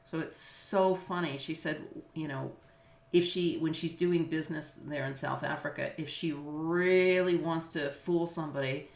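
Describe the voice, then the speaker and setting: Chatty low-voiced woman, echoey room. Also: steady tone, measured pace. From Los Angeles, United States. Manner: chatty, laughing easily, many fillers. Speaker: business law teacher. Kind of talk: casual chat on a video call.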